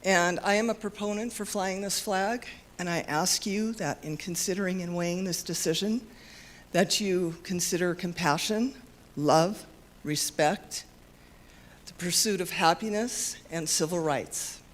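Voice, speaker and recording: A woman's voice: fairly low pitch, steady tone, unhurried, a little hiss or hum. A woman giving brief, earnest public comment at a council meeting.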